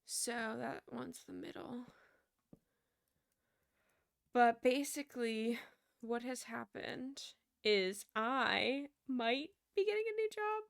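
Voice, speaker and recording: Young woman, casual stream chat, giggly, trails off, vocal fry. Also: a little high. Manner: chatty and giggly, trailing off mid-sentence. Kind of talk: casual livestream chat while gaming.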